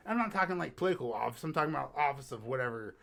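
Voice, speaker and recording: A man co-hosting a podcast in casual chat, ranting in an animated, profane way and sometimes breaking into shouts. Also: mid-range voice, racing, creaky. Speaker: podcast co-host.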